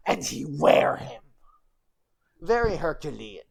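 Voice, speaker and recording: A woman's voice: low voice, big pitch swings, slow, creaky, a crowd in the background. A woman streamer telling a goblin legend in rambling, broken goblin-style grammar, with chatty asides. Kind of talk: casual livestream storytelling.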